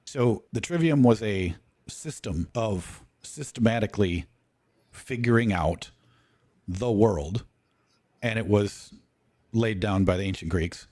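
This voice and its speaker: Low-voiced man explaining in steady order. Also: slow pace, pauses often, dry recording. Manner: lecturing, walks through points in order. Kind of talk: casual explanatory talk.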